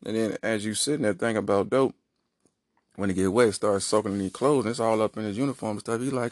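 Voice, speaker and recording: A man's voice: on the low side, fast talker, dry recording, clean studio sound. A man hosting a podcast, telling a rambling comic story with lots of asides. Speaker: podcast host. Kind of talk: comedic monologue.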